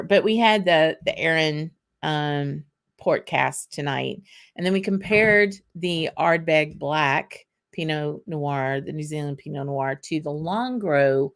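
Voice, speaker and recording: Slow, low-voiced Southern woman chatting. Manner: chatty, drawling, with frequent ums and laughs. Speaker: host of a whisky livestream. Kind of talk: casual chat reading viewer comments.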